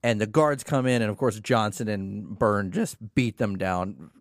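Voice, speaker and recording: Guy with a lowish voice recapping a book on a podcast, swears a bit, dry close mic. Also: unhurried, dry recording. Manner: casual, swears, acts out characters' lines. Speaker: podcast co-host recapping a novel. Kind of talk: casual chat.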